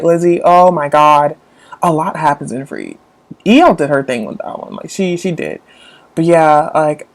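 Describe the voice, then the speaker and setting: A low-voiced woman who runs a book vlog chats casually with her viewers, rambling and gushing about books. Whenever something thrills her, her voice leaps into high-pitched squeals.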